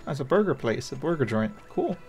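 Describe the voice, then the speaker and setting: A let's play host quietly musing to themselves in casual gameplay commentary. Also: medium pitch, very animated, a little fast. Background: game music.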